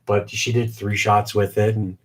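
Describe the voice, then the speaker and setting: A man's voice: fairly low pitch, little pitch movement, normal speed. A man in his forties hosting a casual live stream, rambling with many fillers, his voice weak and short of breath. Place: home basement shop.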